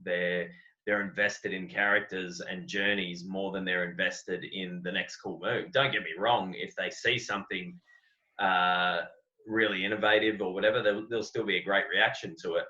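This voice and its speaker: With a low, sharp-toned voice, fairly even intonation and a moderate pace, an Australian wrestling coach appears as a podcast guest. He reflects earnestly, often repeating words mid-thought, in a dull lo-fi recording.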